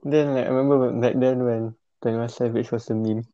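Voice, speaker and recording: A man's voice: mid-range voice, steady tone, a little fast, warm tone, no room sound, muffled recording. A young man from Singapore with a Singaporean English accent, co-hosting a casual late-night podcast chat in a laid-back, chatty way. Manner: laid-back, chatty, drops into mock voices. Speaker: podcast co-host.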